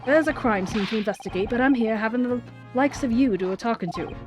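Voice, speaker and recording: Gruff, busy London inspector, clipped English accent, read by a woman streamer. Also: a little high, quick pace, over music, natural voice. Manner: put-on English gentleman's accent, brusque. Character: gruff, impatient male London police inspector.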